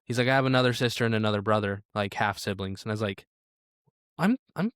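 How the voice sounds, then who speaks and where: A man in his thirties co-hosting a podcast, telling a family story in a relaxed, conversational way. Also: on the low side, quick pace, clear, resonant tone, dry recording, studio quality. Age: 30s. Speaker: podcast co-host. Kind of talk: casual chat.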